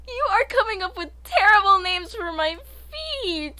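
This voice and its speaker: A woman streaming games as a vtuber, giggling and breaking into loud, chaotic outbursts. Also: extremely high pitch, big pitch swings, moderate pace, a little hiss or hum. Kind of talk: casual game stream chatter.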